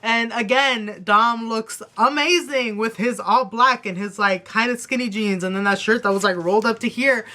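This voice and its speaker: Young woman, bright voice, fangirl review vlog, gushing and breathless, recorded to her camera. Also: fairly high pitch, moderate pace, hardly any pauses. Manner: gushing, breathless fangirl chatter full of fillers. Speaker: TV review vlogger. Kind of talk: excited casual TV episode review. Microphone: camera on her desk after her phone stopped recording.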